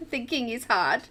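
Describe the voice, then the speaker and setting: A woman's voice: on the high side, background noise. A woman hosting a live coloring stream, chatting casually, giggling often and greeting viewers by name. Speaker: coloring livestream host.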